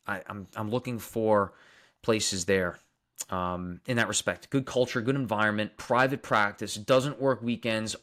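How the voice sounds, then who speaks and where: A man's voice: on the low side, steady tone, measured pace, fairly bright tone. A young man from Long Island with a Long Island accent, a dentist chatting casually on a livestream, reading out viewer comments and answering them. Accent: Long Island New York. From Long Island, New York. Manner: reads viewer names aloud and answers them, often repeating phrases.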